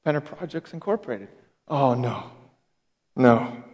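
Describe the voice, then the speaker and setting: A man's voice: medium pitch, big pitch swings, measured pace, darkish tone. A man voicing a blunt friend who warns about a bad boss with dismayed exclamations, in an echoey hall. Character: worried middle-aged male friend, blunt.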